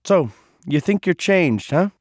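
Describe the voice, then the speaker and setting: A gruff, blunt older man who wastes no words, as a male narrator puts him on. His voice is slightly raised and curt in a dry storybook reading. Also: fairly high pitch, expressive, unhurried, no echo, pitched above the performer's own voice.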